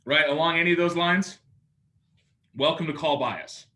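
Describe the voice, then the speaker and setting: Bright-voiced male sales coach. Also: a little high, moderate pace. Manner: lively, acts out phone calls in other voices. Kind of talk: coaching class talk.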